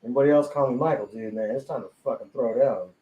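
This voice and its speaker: A man's voice: mid-range voice, fast, phone-quality sound. A man telling a personal story in casual chat, swearing freely and laughing often. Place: tattoo studio during a live podcast. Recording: roomy echo, faint ambience.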